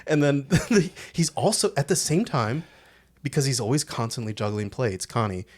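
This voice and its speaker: A man's voice: medium pitch, normal speed. A man co-hosting a podcast, chatting casually about a film, acting out characters' lines in raised voices and laughing often. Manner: animated, acts out quotes in raised voices. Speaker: podcast co-host.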